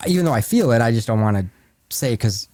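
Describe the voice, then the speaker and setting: A man hosting a casual podcast chat, an animated storyteller who acts out quoted lines. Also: mid-range voice, fast talker, no echo, studio quality. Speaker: podcast host.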